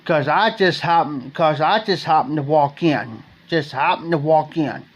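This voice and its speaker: Slightly high-voiced man from Ohio, rambling folksy late-night storyteller. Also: unhurried, lo-fi sound. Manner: rambling storyteller, repeats and restarts phrases, folksy slang. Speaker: livestream host.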